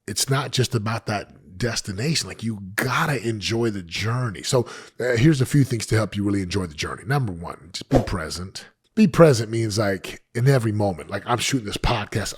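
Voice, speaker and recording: A man's voice: on the low side, slightly rough. A man in his late forties giving an emphatic motivational talk to camera on his podcast, often repeating phrases for effect. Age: 40s. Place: podcast set.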